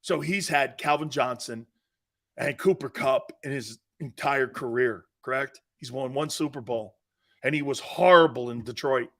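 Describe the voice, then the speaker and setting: A man hosting a sports talk show, joking loudly and laughing often as he riffs on football. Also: mid-range voice, normal speed. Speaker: sports radio host.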